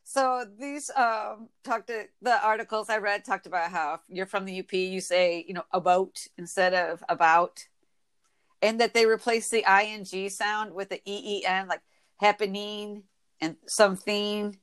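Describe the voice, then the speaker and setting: A woman in her twenties from Michigan with an Inland North accent, chatting casually as a podcast host, a bit nasal and quick to laugh. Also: mid-range voice, clear, resonant tone. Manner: chatty, laughs often, quick when excited. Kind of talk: casual chat.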